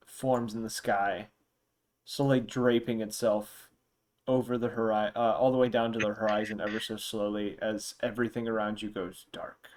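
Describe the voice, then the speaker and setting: Relaxed young man narrating as game master. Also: on the low side. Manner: relaxed, meandering narration with fillers. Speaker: dungeon master.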